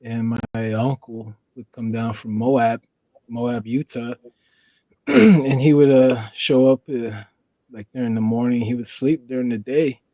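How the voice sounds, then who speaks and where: A man's voice: mid-range voice, measured pace, warm tone, no echo, low-quality recording. A man from the Four Corners region of the US, a podcast guest telling a long story in a rambling way and leaning on "you know". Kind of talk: casual storytelling.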